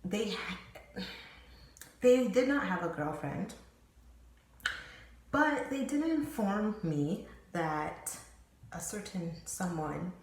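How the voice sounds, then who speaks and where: A young woman telling a storytime vlog story in casual slang, swearing freely and packing her talk with "like". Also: on the low side. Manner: slangy, profane, animated retelling with lots of "like". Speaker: storytime vlogger. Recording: very echoey room, faint noise.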